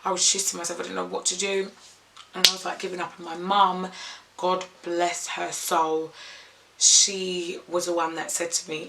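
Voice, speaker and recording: A woman's voice: lowish voice, level tone, normal speed, creaky, a bit bright. A young woman and makeup artist, rambling candidly in an unscripted vlog and swearing freely.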